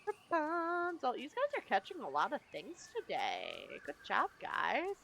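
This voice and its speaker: Bright, chatty streamer woman. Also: mid-range voice, huge pitch swings, measured pace, gravelly, slight background noise, poor audio. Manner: chatty, talks to her viewers. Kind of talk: casual gameplay commentary.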